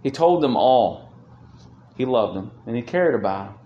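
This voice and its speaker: A man's voice: mid-range voice, lively intonation, normal speed, lo-fi sound. Earnest preaching man, roomy echo. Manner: earnest preaching that swells when reading scripture aloud. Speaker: pastor. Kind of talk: sermon.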